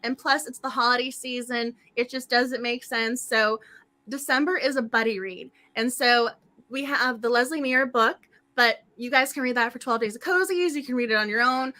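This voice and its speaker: A woman hosting a book club livestream in casual, effusive chat, her voice slightly hoarse. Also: on the high side, moderate pace, bright, forceful tone.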